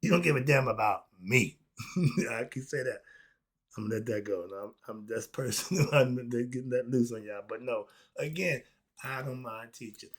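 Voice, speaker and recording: Husky emphatic man preaching to camera. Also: mid-range voice, normal speed. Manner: emphatic, repetitive rhetorical questions, laughs often. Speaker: philosophy vlogger. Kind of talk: casual preaching monologue.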